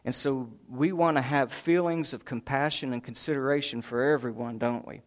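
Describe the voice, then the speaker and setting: A man's voice: mid-range voice, fairly even intonation, moderate pace. A man preaching a sermon, a folksy storyteller who acts out voices and chuckles. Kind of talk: sermon with humorous stories. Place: church sanctuary.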